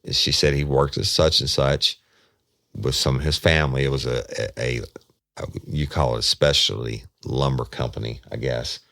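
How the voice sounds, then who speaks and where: A man's voice: extremely low pitch, fairly even intonation, moderate pace, creaky, a bit bright, no echo, clean studio sound. A man, hosting a true crime podcast, telling a story in a plain-spoken, casual way with frequent "I said" repetitions. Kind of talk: casual first-person storytelling.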